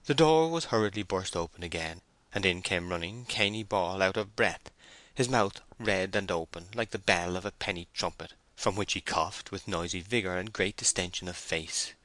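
A man narrating a classic novel as an audiobook, reading in a measured, even way. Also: sits low, no room sound.

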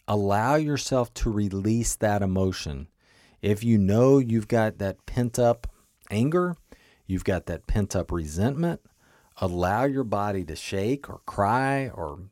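A man's voice: on the low side, mellow, no echo, clean studio sound. A man giving an earnest coaching lesson, repeating key points and asking the listener questions. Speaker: teacher. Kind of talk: coaching talk on emotional regulation.

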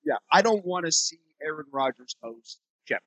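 A man with a high voice that swoops up and down with lively energy, cracking jokes and laughing as he chats on a podcast. He swears freely and keeps the talk loose. The sound is close and dry, with no room echo. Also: a little fast. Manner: laughs often, swears freely, joking and animated. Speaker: podcast co-host. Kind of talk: casual chat. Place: temporary studio.

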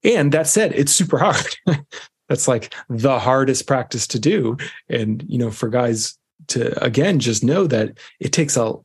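A man's voice: mid-range voice, lively intonation, measured pace, breathy edge. A man speaking as a podcast guest, giving reflective relationship advice in a casual, loose way with fillers. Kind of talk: casual conversation.

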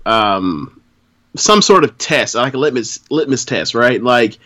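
A man co-hosting a casual wrestling chat, thinking aloud in halting, stop-start phrases. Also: a little high. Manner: halting, many fillers and restarts. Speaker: podcast co-host.

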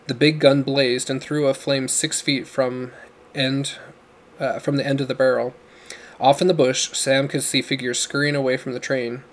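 A man's voice: medium pitch, level tone. Man reading a novel aloud. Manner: unhurried, occasional slips and self-corrections. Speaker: podcast reader.

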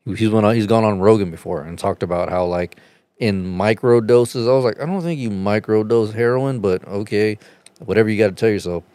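A man chatting casually on a podcast, telling a rambling, profane story and getting animated as he retells it. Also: on the low side, fairly quick, clean tone, dry recording.

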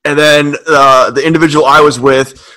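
A man in a relaxed podcast conversation, spinning a story with plenty of "like" and "you know." His voice sits a bit high for a man and rings bright and forceful. He builds momentum as he goes. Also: normal speed, poor audio. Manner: animated storyteller, heavy filler words. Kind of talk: casual storytelling chat.

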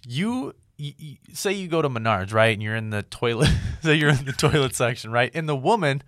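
A man's voice: medium pitch, brisk, no room sound. Young podcast guy chatting, laughs a lot, swears, dry close sound. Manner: laughing, swearing, animated storytelling. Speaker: podcast co-host. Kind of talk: casual podcast chat.

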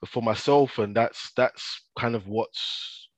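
A man's voice: medium pitch, slow pace, dry recording. A man as a podcast guest, speaking in a laid-back, reflective way with frequent restarts. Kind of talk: casual interview chat.

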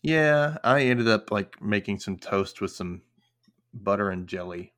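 A man's voice: lowish voice, expressive, unhurried, a bit bright, no echo. A man hosting a TV rewatch podcast, chatting casually and recapping with playful jokes and frequent laughs. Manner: playful, jokey, laughs often. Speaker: podcast host. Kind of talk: casual chat and episode recap.

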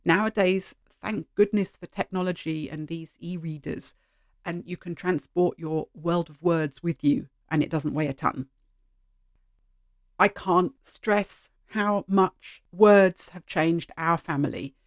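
A middle-aged woman hosting a solo podcast, talking in an animated, heartfelt way from behind a microphone at home. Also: on the low side, slow pace, no room sound, studio quality. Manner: animated, heartfelt, gently emotional. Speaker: podcast host. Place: sitting at home. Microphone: studio microphone.

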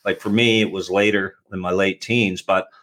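A man's voice: low voice, steady tone, normal speed, a bit bright. A man hosting an interview, asking loose, rambling questions full of fillers. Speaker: interview host. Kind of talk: casual interview.

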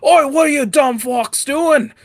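A man voicing a short, furious male dwarf foreman who barks gruff, cursing orders. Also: on the high side, sing-song, normal speed, pitched above the performer's own voice. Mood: angry yelling. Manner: yelling, cursing, bossy.

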